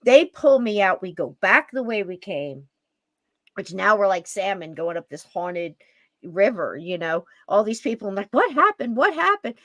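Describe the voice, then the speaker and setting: A woman hosting a podcast, telling a story in a lively way and laughing as she goes. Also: mid-range voice, moderate pace, dry recording. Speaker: podcast host. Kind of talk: animated storytelling.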